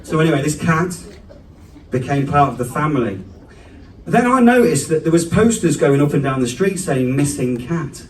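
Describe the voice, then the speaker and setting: A man's voice: fairly high pitch, very animated, normal speed, a little hiss or hum. A male stand-up comedian telling a rambling family story on a club stage, chatty and self-interrupting. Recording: echoey club room from a distance.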